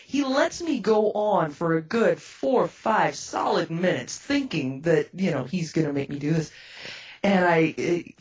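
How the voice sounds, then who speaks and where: A woman, a radio producer, telling a personal story in a lively way and acting out both sides of the conversations she recounts. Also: on the low side, a little slow, recorded from a distance, dull audio.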